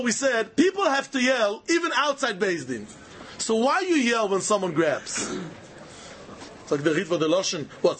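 A man giving an animated Talmud lecture in Yiddish-inflected English, with a sing-song study chant and many rhetorical questions. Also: very high voice, a little hiss or hum. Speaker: Talmud teacher.

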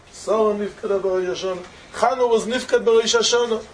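A man's voice: high voice, steady tone, a little fast, few pauses, slight background noise, rough recording. A man giving a storytelling Torah lecture who explains as he goes, repeats key phrases and asks rhetorical questions. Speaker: Torah teacher.

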